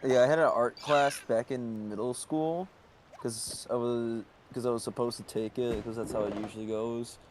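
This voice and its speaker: A man's voice: medium pitch, steady tone, moderate pace, noisy background. A young man in college chatting casually, rambling with many restarts and fillers. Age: young adult. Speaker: co-host. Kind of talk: casual chat. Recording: music behind. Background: game music.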